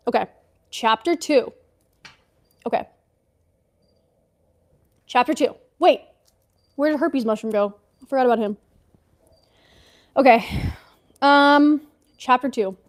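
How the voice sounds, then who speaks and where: Young woman, high voice, casual and giggly, live-reading fanfic on a clip-on mic. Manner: giggly, chatty asides. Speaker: livestreamer.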